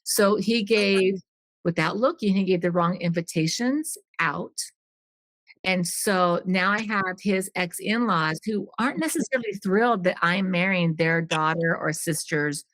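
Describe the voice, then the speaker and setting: A woman's voice: on the low side, unhurried, fairly bright tone, no echo. A middle-aged woman telling a personal story on a podcast, earnest and rambling, often restarting sentences and acting out what people said.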